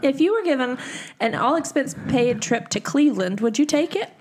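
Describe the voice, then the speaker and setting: A woman hosting a casual chat, giggly and firing off quick questions. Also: sits high, animated, a little mellow, husky. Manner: giggly, asks rapid-fire questions. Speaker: podcast host.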